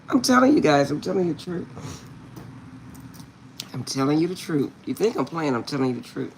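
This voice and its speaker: Low-voiced and brisk, with long pauses, this middle-aged tarot reader animatedly recounts a comical family tale for her audience. She laughs a lot and keeps repeating "I'm serious." A faint hiss or hum runs underneath.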